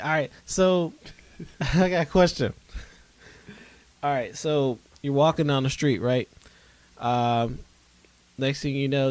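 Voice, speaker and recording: A man co-hosting a podcast in casual chat, laid-back and loose with lots of fillers. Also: medium pitch. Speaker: podcast co-host.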